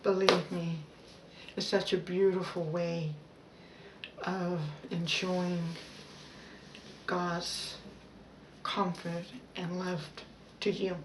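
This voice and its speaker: A woman talks through a personal self-help vlog at a slow, deliberate pace, pausing and restarting as she goes. Her voice sits a little away from the microphone, with a roomy echo and faint background noise. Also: lowish voice, little pitch movement, recorded from a distance. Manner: slow, halting, heartfelt delivery with pauses and restarts. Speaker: vlogger. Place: outdoors.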